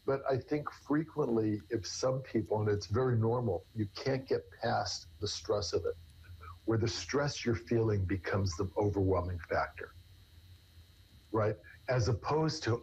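A man's voice: lowish voice, a little slow, a little mellow, highs cut off, a little hiss or hum. A man, a therapist, explaining in conversation with everyday examples in an earnest way. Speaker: therapist guest. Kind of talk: conversational interview answers.

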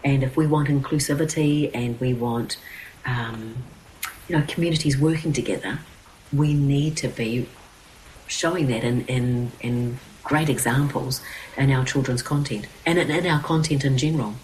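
A woman's voice: very deep voice, normal speed, darkish tone, a little hiss or hum, low-quality recording. A middle-aged woman, an interview guest speaking earnestly, with many fillers and restarts. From New Zealand. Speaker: guest, children's TV presenter and producer. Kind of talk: interview conversation.

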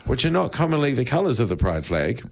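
A man's voice: mid-range voice, big pitch swings, fast talker, creaky. A man presenting a chat show, reading news stories aloud with laughing asides and bursts of mock panic. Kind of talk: casual chat show banter. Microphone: studio microphone.

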